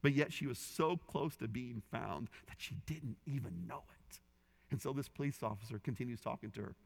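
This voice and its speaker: A man's voice: medium pitch, moderate pace, creaky. A man preaching a sermon as a pastor, earnestly telling a story and quoting others with rising and falling intensity. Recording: long hall reverb.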